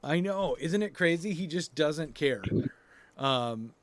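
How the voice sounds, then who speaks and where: A man's voice: on the high side, lively intonation, slow pace. A man co-hosting a comics podcast in casual chat, congested, enthusiastic and chatty. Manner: enthusiastic, chatty, laughs often. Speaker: podcast co-host.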